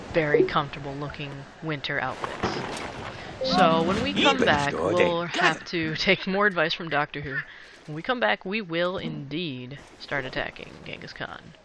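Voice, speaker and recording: A man casually commenting on his strategy game in a playful, joking way, talking to the game's characters with sudden excited yelps. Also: a little high, unhurried, heavy background noise. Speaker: gamer narrating a let's play. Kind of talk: casual let's play commentary. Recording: game music loud behind voice.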